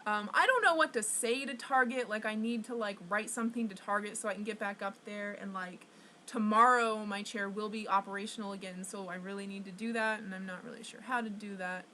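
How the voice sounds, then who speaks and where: A woman's voice: medium pitch, steady tone, brisk, sharp tone, a little hiss or hum. A young woman venting to her camera, rambling with constant fillers and swearing, stressed and upset. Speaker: vlogger.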